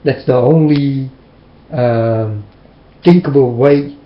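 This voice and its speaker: A man's voice: mid-range voice, takes it slowly. A man delivering a preachy, scolding monologue to his listeners, with emphatic, plain and slightly non-standard phrasing. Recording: roomy, dull lo-fi recording.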